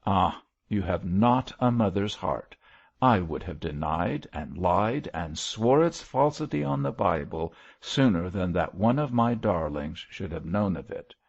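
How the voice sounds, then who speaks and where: A man's voice: sits low, animated, unhurried, creaky, dull audio, heavily acted. A man voicing a passionate, defiant middle-aged wife, speaking vehemently and emotionally.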